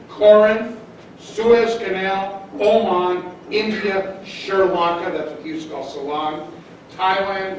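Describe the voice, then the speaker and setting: An older Minnesota man, a public defender, speaks in a high-pitched voice as he lectures a live audience in a hotel function room, telling stories in a blunt, folksy way with punchy asides. The room echoes, he stands far from the mic, and there's slight background noise.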